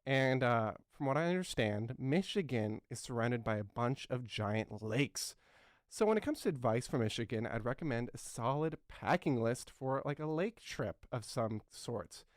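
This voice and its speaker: A man's voice: mid-range voice, expressive, normal speed, no echo, natural voice. Young man doing a clueless talk show host, earnest, rambling, lots of ums, dry voice. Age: 20s. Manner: rambling and repetitive, heavy with ums and uhs. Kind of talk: satirical talk show comedy.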